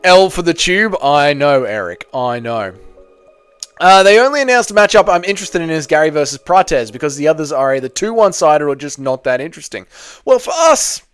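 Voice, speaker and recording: A man's voice: fairly high pitch, sing-song, brisk, clean tone, dry recording, soft background music. An Australian man hosting a livestream, casually reading out viewer comments and answering them with teasing banter. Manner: joking, bantering, teasing chatters. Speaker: livestream host.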